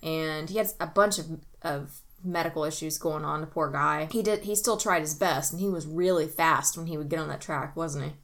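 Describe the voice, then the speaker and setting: Woman, podcast host and mom, deep voice with fry, encouraging interviewer. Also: normal speed, few pauses. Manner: gently prompting, asks leading questions. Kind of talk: casual family podcast chat.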